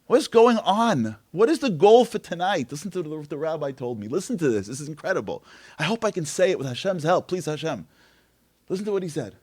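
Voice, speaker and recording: A man giving an impassioned inspirational talk at an event, firing rhetorical questions and swinging from loud to hushed. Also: fairly high pitch, animated, a little fast, breathy edge, no room sound. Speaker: speaker at a Tisha B'Av event. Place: event venue.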